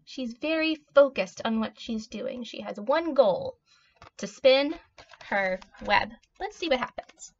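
A preschool teacher, a woman, reading a picture book aloud to young children in a gentle, expressive, child-directed way. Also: high-pitched, normal speed. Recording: dull lo-fi audio.

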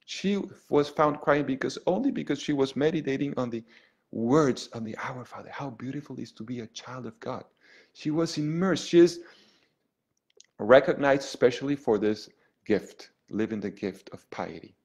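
A man, a priest, giving an earnest spiritual lesson to an online group. He often restarts his phrases and checks in with "okay?", and he moves between loud emphasis and soft, hushed lines. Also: medium pitch, expressive, moderate pace.

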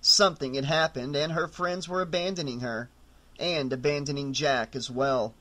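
Bright-voiced man narrating horror. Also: on the high side, steady tone, normal speed. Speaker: audiobook narrator.

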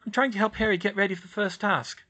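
A man voicing a bossy, clever teenage witch girl in an audiobook reading, insistent and brisk. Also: high-pitched, fairly even intonation, pushed and bright, voice pushed up. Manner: brisk, insistent, rises to shrieks. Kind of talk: audiobook reading of fan fiction.

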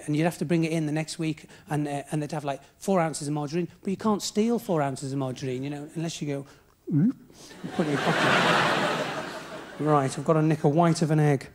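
Cheeky British comedian on a theatre stage. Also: male voice, fairly high pitch, background noise. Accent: British English. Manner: cheeky, chatty, drops into quick mumbled asides. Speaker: stand-up comedian. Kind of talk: live stand-up comedy. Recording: live theatre recording, loud audience laughter. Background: audience laughing.

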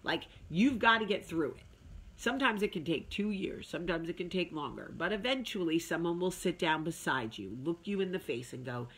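A woman speaks straight to her viewers in a casual, motivational talk. Her voice sits a little low, and her delivery is chatty and emphatic. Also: lively intonation, brisk, fairly bright tone, breathy edge. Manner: chatty, emphatic, with sung asides. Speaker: vlog host.

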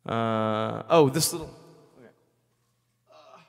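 A man's voice: mid-range voice, slow pace, gravelly, clear, resonant tone. A middle-aged man hosting a music live stream, chatting casually between songs in a rambling way and thanking viewers by name. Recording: long reverb on the voice.

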